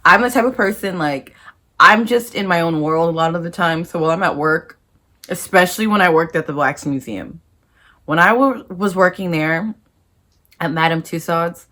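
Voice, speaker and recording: Low-voiced young woman chatting casually. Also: moderate pace, sharp tone. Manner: chatty and rambling, with many asides. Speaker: vlogger. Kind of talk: casual chat to camera.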